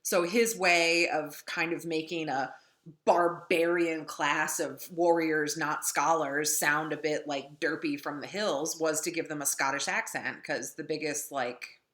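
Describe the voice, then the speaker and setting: Low-pitched woman, wry chatty lecturer, roomy echo. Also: steady tone, measured pace, a bit bright. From North Dakota. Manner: chatty, wry, with many ums. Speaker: literature lecturer. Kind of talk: classroom lecture. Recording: echoey room.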